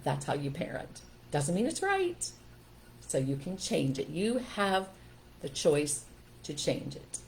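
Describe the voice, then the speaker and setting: A woman's voice: sits low, wildly swooping pitch, slow pace, creaky, slight background noise, low-quality recording. A middle-aged woman from Pennsylvania hosting a casual live stream as a parenting coach, talking earnestly and greeting viewers by name. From Pennsylvania, USA.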